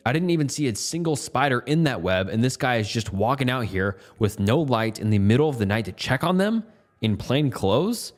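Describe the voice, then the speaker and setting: A man's voice: medium pitch, very animated, moderate pace, soft background music. A man narrating a first-person story in a tense, matter-of-fact way.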